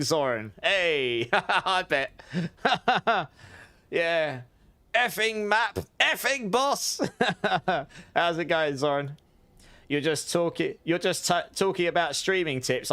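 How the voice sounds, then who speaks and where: A man's voice: fairly high pitch, normal speed, fairly bright tone. Chatty English man streaming a game. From England. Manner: rambling and chatty, reading out chat and answering viewers. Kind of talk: casual live-stream chat with viewers.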